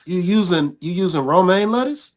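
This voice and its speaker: A man co-hosting a podcast, asking incredulous, drawn-out questions in casual banter. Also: high voice, expressive. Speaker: podcast co-host.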